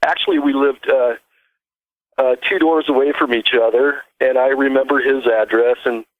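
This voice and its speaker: A man calling in to a show and telling a long story in a halting, rambling way, full of restarts. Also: mid-range voice, steady tone, no room sound. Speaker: caller. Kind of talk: casual call-in storytelling. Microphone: phone. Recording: tinny dry phone line.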